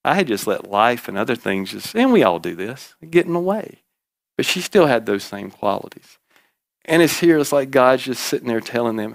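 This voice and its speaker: A man's voice: mid-range voice, big pitch swings, moderate pace, vocal fry, dry recording. A middle-aged man, preaching a sermon in a folksy storytelling way, repeating key phrases for emphasis. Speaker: pastor.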